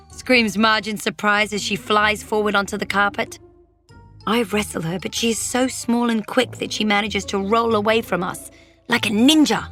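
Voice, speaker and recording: A woman narrating a children's storybook as a young girl, lively and dropping into whispers for suspense. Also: mid-range voice. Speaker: audiobook narrator.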